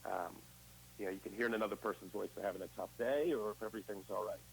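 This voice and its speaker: A man's voice: fairly low pitch, fairly even intonation, fast, gravelly, slight background noise, poor audio. A man as an interview guest, telling his recovery story in a candid, conversational way and acting out past conversations as quoted dialogue. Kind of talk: casual personal storytelling.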